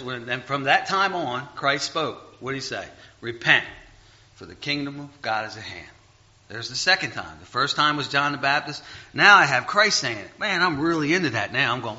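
A man's voice: fairly high pitch, bright, forceful tone, dull audio. A man preaching a sermon, telling a personal story and asking the congregation rhetorical questions.

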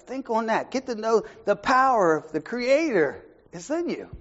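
A man's voice: high voice, big pitch swings, moderate pace, hardly any pauses. Man giving a casual Bible study talk. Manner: conversational, repeats "right?", swings from soft asides to raised emphasis. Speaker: lay preacher leading a Bible study. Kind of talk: informal Bible study sermon. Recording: muffled lo-fi recording.

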